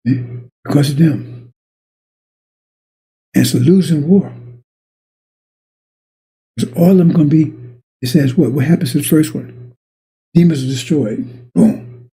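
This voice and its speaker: Male preacher, gravelly and dark, colloquial sermon style. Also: fairly high pitch, a little slow, long pauses, rough recording. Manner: colloquial, repetitive preaching with acted-out dialogue.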